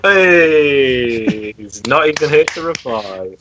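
A man's voice: mid-range voice, animated, slow, background noise. A man co-hosting a podcast, wry and a bit hesitant in casual banter. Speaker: podcast co-host.

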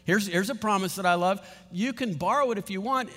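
Animated high-voiced preacher in a hall. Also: male voice, brisk. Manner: animated, acts out scenes, laughs often. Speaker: pastor. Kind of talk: sermon.

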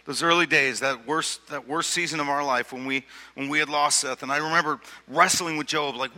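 A man preaches in a high, very bright, ringing voice, leaning on rhetorical questions and repeating himself as he goes. His sermon comes across casual and conversational. A long reverb trails off each phrase in the big hall. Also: a little fast, hardly any pauses. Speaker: pastor.

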